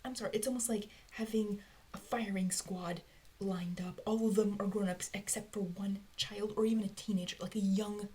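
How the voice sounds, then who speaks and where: Brief: woman, mid pitch, rambling self-talk, slips into whispers. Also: darkish tone. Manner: rambling, often drops to a whisper. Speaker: fan theorist. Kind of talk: thinking aloud to herself. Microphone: close mic, recorded alone.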